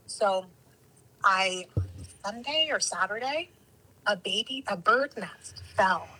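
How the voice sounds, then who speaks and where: A woman telling a story in casual chat, animated and acting out the quoted lines in lively voices. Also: medium pitch, breathy edge, poor audio.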